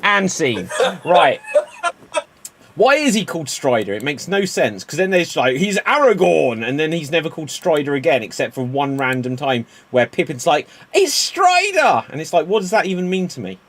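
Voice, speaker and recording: Lively improv host. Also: male voice, on the high side, moderate pace. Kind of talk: hosting a live improv show.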